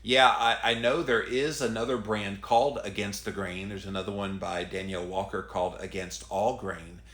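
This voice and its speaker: A middle-aged man with a Southern US accent, hosting a casual live stream and reading out viewer comments in an earnest, chatty, drawn-out way. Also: lowish voice, fairly even intonation, a bit bright, echoey room. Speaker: host.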